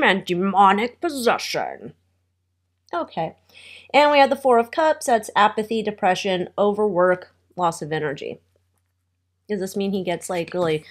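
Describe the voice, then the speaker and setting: Woman tarot reader, casual and chatty, wry asides, mid pitch.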